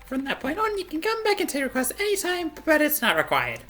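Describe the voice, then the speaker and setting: A woman putting on a shrill witchy clerk. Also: huge pitch swings, brisk, faint music behind, heavily acted. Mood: insistent. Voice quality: sharp, shrill. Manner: nagging, insistent. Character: shrill witchy woman running a request center, pushy.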